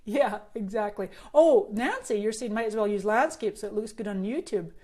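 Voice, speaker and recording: A woman's voice: medium pitch, normal speed, warm tone. A middle-aged woman with a Scottish-Canadian accent, chatting bubbly and casually on a live stream and answering viewer comments, filmed on a phone on a selfie stick. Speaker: social media marketing host.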